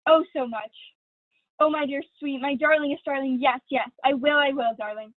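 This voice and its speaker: A woman's voice: sits high, moderate pace, no room sound, lightly acted. A young woman acting a vain, gushing glamorous stage actress in a school play read over a video call. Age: teens. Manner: theatrical, affected, honeyed. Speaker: student actor. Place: at home. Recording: dry, tinny video call audio.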